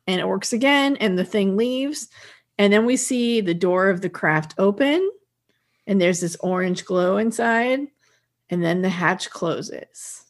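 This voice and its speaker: A woman co-hosting a podcast, narrating a TV episode's plot steadily with wry comments and quick laughs. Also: fairly low pitch, vocal fry. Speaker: podcast co-host. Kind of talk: casual chat recapping a TV episode.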